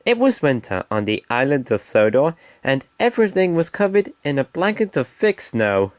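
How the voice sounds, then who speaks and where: Brief: male storybook reader, slightly higher voice, very lively intonation. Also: normal speed, no room sound. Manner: expressive, storybook delivery. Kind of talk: reading a children's storybook aloud.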